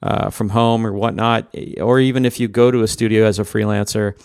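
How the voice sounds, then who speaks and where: Smooth-voiced, hesitant male podcast co-host. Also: fairly low pitch, fairly even intonation, fairly quick, a little mellow, no echo, studio quality. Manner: hesitant, many fillers. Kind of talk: casual podcast chat.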